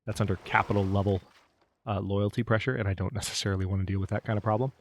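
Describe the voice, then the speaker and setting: A man's voice: lowish voice, flat delivery, quick pace, slight background noise. A man casually commentating his own strategy game, thinking aloud and talking to the units on screen. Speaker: let's play host.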